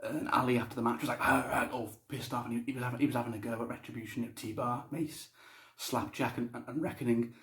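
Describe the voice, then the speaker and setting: A man's voice: mid-range voice, steady tone, quick pace. A young man giving a casual, blunt spoken review, swearing freely. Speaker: wrestling show reviewer. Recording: roomy echo.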